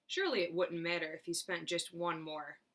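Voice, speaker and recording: A woman teacher reading a children's chapter book aloud with clear, expressive narration. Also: fairly low pitch, a little fast. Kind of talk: storybook read-aloud.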